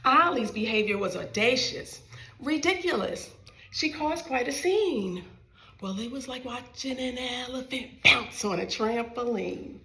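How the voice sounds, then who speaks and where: A woman's voice: fairly high pitch, expressive, measured pace, gravelly, bright, forceful tone, echoey room. A woman reading her own picture book aloud to small children in a library, playful and sing-song, talking straight to her young listeners.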